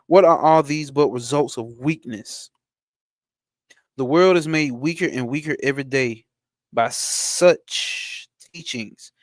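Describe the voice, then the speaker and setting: A man teaching spirituality. He reads a text aloud slowly and breaks off into blunt, slangy asides with profanity for a live chat. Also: on the high side, no echo, studio quality. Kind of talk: reading a text aloud and commenting on it.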